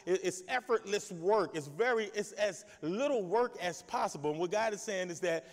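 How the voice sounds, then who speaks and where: High-voiced shouting preacher man. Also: expressive, normal speed, long reverb tail. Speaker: pastor. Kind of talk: lively sermon with call and response.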